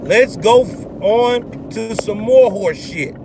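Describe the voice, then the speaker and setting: A man's voice: high-pitched, expressive, slow pace. A man hosting a vlog, ranting bluntly and profanely in casual commentary from inside a car. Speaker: vlog host. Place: in a car on the road. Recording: car road noise behind.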